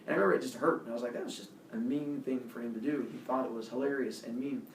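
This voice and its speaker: Man, casual storytelling, gravelly voice, animated, echoey room, faint background ambience. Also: medium pitch, rapid-fire, a little hiss or hum. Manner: animated, acts out quotes with loud jumps. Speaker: podcast host telling a personal story. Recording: echoey room, mic at a distance.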